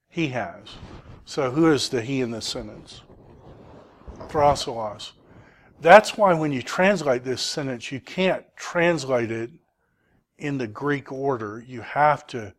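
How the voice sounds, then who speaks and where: A man teaching a Greek class, asking students questions and patiently explaining grammar. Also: medium pitch. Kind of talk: classroom lesson.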